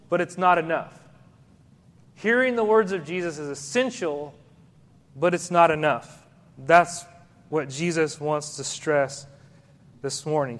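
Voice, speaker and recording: A man's voice: a little high, big-room sound. A man preaching a sermon as pastor, speaking in a conversational way and putting questions to the congregation.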